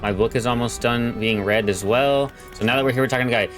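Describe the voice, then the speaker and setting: A man's voice: medium pitch, steady tone, quick pace, few pauses, a bit bright, poor audio. Laid-back male let's-play host, slangy, joking, faint game music behind. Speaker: gaming channel host. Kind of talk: casual let's play commentary.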